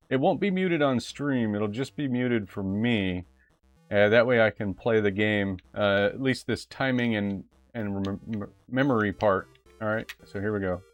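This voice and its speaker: A man hosting a retro game live stream, chatting casually and haltingly with viewers. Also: medium pitch, dry recording. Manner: relaxed, halting, talks to chat. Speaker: streamer host.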